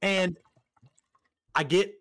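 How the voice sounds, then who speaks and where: A man's voice: high voice, extremely slow. A young man co-hosting a podcast, telling a story in casual chat, swearing often and acting out the lines of the people in it. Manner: animated, swears often, acts out quotes. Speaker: podcast co-host.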